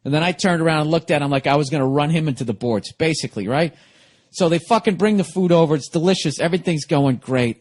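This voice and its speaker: A man's voice: on the high side, a little mellow. Profane, rambling man telling a story. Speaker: comedian podcast host. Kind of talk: casual storytelling monologue.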